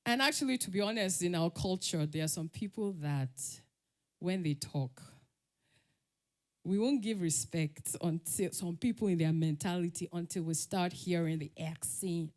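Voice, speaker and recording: A middle-aged Nigerian woman with a Nigerian English accent, giving a lively storytelling talk as a conference speaker. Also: fairly low pitch, moderate pace. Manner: lively, laughs often, acts out quotes.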